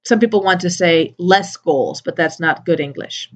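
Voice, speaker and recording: A woman teaching English to adult learners, repeating each word slowly and clearly, with small playful asides. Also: lowish voice. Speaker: ESOL teacher. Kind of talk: slow, clearly enunciated classroom teaching. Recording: slightly dull lo-fi recording.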